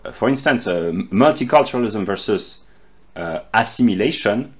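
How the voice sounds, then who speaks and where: A man from France with a French accent, speaking English as a second language and giving an unscripted philosophy lecture, often halting and repeating words. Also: on the low side, lively intonation.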